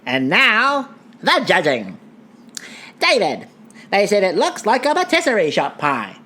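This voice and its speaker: A woman's voice: mid-range voice, huge pitch swings, measured pace, fairly bright tone, full character voice. A woman putting on a hammy 1920s radio announcer voice, making grand proclamations with sarcastic asides. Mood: mock grand.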